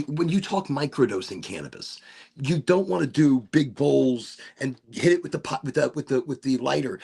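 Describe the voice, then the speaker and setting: A playful middle-aged man talks through a livestream demonstration with a gravelly, slightly husky voice. His pitch sits a little high and swings about a lot as he jokes and explains. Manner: playful, breaks into silly voices and asides. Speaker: streamer demonstrating a vaporizer.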